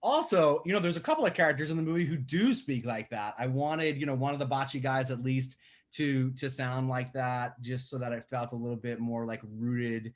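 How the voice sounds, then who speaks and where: A man's voice: medium pitch, normal speed. A man from Staten Island, a filmmaker guest telling stories in a casual podcast interview. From Staten Island, New York. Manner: conversational, animated when telling stories. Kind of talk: podcast interview over a call.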